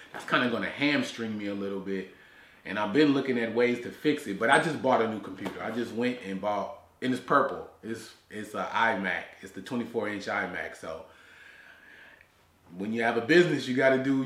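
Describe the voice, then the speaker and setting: A man's voice: medium pitch, pushed and bright. A man hosting his own podcast, rambling casually and often repeating words and restarting sentences. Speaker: podcast host. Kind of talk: casual solo podcast talk. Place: his garage. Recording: echoey garage.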